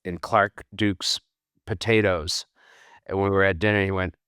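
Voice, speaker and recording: A middle-aged man from Boston, an actor telling self-deprecating stories as a podcast guest, with halting restarts. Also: deep voice, steady tone, fairly bright tone, clean tone, no echo, studio quality. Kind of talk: casual storytelling interview.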